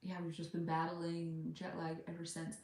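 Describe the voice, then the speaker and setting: Woman from the US in her thirties, lower voice, chatty vlog storyteller, echoey room. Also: moderate pace. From United States. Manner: chatty, animated retelling with quoted voices. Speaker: vlogger.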